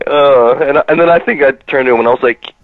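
A man's voice: medium pitch, quick pace, low-quality recording. A man guest on a podcast telling a story casually, laughing often and leaning on fillers.

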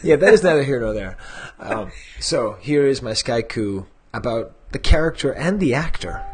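A man's voice: medium pitch, lively intonation, normal speed, hardly any pauses, a little mellow, faint music behind. A man hosting a collectors' podcast, chatting in a rambling, self-deprecating way. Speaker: podcast host. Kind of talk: casual podcast chat.

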